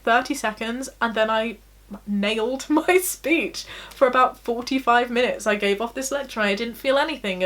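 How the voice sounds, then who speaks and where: A woman's voice: mid-range voice, a bit bright. A young woman vlogging candidly from her bedroom, self-deprecating and laughing often as she talks. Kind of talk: personal confessional vlog.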